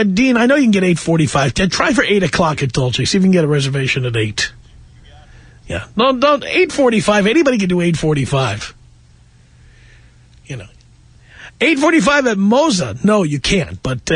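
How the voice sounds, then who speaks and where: A man's voice: sits high, no echo. A man hosting a radio talk show from a studio, chatting casually and laughing often. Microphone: studio microphone.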